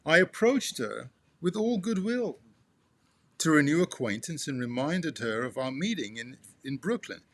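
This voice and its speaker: Man reading a memoir aloud, halting. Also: on the high side, big pitch swings, no echo. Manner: halting, restarts and talks to the listener as "you". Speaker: son reading aloud to his father.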